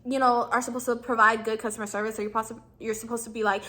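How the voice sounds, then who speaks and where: A YouTuber in her twenties offers customer service tips directly to viewers in a casual advice vlog, her high voice bright and sharp with a steady tone. She chats in loose slang and keeps dropping into quick impressions of customers and clerks.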